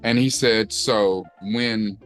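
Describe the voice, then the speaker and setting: Middle-aged guy, lively storyteller doing voices, faint music behind. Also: lowish voice, takes it slowly. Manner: animated storyteller, acting out quotes. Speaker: co-host. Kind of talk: casual chat.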